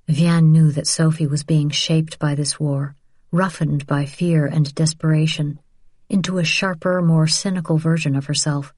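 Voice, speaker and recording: A woman reading an audiobook in measured, even scripted narration. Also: sits low, dry recording, studio quality.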